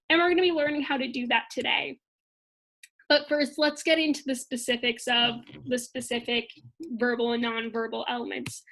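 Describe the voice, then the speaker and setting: A young woman teaching an online lesson for kids in a clear, upbeat and expressive way. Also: high voice, low-quality recording.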